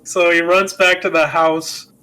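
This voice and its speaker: Giggly comic co-host man, high voice, very bright tone. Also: little pitch movement, unhurried, clear, resonant tone, low-quality recording. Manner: laughing, stumbling over words. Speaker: podcast co-host. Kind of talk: comedic movie recap chat.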